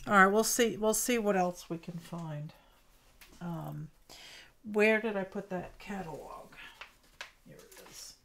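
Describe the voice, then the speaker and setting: A woman hosts a crafting livestream and talks at an unhurried, slow pace. She greets viewers warmly by name and thinks out loud while she works, muttering as she decides where things go. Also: medium pitch, a little hiss or hum.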